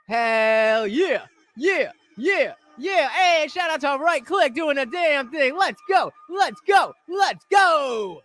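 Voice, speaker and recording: A man live streaming, chatting casually with his audience, hyped and shouty, profane, dropping to mumbled asides. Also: very high-pitched, expressive, a little slow, vocal fry, no room sound.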